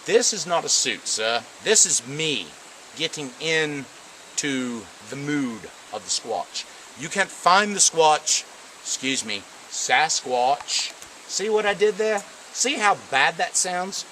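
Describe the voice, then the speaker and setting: A man hamming it up as a pompous self-styled Sasquatch expert, lecturing and easily offended. His voice sits a little high with a bright, sharp edge. The sound comes from a camera out in the woods. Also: big pitch swings, slow, a little hiss or hum, full character voice, poor audio. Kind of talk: improvised comedy role-play. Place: outdoors in the woods.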